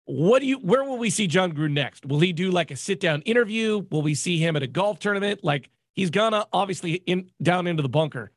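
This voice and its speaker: A man co-hosting a sports podcast, excitable and mock-indignant in casual banter. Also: high-pitched, brisk, few pauses, dry recording, clean studio sound. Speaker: podcast co-host.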